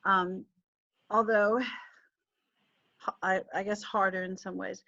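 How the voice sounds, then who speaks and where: A woman teaches a college class over a video call, talking casually and laughing at her own asides. Her pitch sits in the middle, and the call audio is a little dull and muffled. A sneeze or cough breaks in now and then. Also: level tone, slow, creaky, bright, forceful tone. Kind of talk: casual online class lecture.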